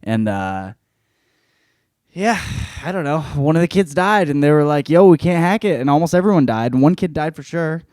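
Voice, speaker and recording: A man hosting a podcast, giving a casual, profane, joking book report, often jumping into loud high-pitched bits. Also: expressive, normal speed, clear, resonant tone, dry recording, clean studio sound. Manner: profane, jokey, lots of swearing and laughing. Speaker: podcast host.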